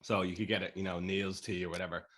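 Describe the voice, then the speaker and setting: A man's voice: deep voice, little pitch movement, fast talker, a bit bright, slight background noise. A man with an Irish accent co-hosting a podcast, chatting casually and telling rambling, jokey stories. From Ireland. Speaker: podcast co-host.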